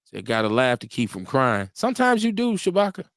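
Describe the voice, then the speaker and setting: A man hosting a casual political talk show, animated and profane, laughing often. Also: brisk, no echo, studio quality. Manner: animated, laughs often, profane, jumps high in pitch for quoted voices. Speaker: livestream radio show host. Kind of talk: casual political talk reading chat comments.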